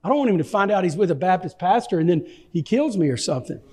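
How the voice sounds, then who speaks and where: A man from Texas, a pastor telling an animated, self-deprecating story with stammering restarts. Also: high voice, quick pace, slightly rough, in a large hall. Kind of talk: anecdotal storytelling in an interview.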